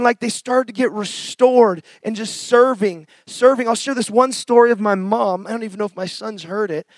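A middle-aged man preaches a testimony sermon, and his voice sits unusually high for a man. He moves from passionate, shouted storytelling to slow, quiet scripture reading. The sound is dry and close, with no room echo. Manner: impassioned storytelling with bursts of shouting; reads scripture slowly and softly.

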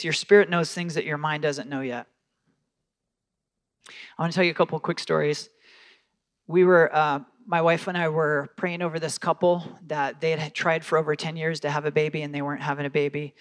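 Guy preaching, tells stories all animated, slightly high voice. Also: fairly quick. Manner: animated storytelling with quoted voices. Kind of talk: sermon storytelling.

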